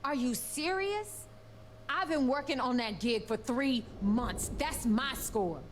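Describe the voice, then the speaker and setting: A woman voicing a sharp, eager female crew member in a video game, with quick, excitable retorts. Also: high voice, slight background noise. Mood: indignant. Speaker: game character.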